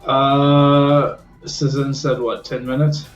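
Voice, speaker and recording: A man's voice: medium pitch, little pitch movement, slow pace, soft background music. A man playing in a tabletop game, talking in a laid-back way and thinking aloud. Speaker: player. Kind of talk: casual tabletop game play. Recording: roomy, dull lo-fi audio.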